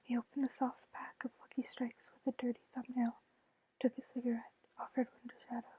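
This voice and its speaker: A woman reading a novel aloud in a soft unvoiced whisper, whispered role-play style. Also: a little high, monotone, brisk, low-quality recording. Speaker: ASMR book reader.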